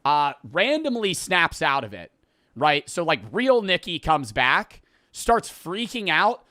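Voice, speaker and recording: Man, casual rambling movie recap, profane storyteller; forceful, crisp, fairly high voice. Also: sing-song, slow pace, no echo, clean studio sound. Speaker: podcast host.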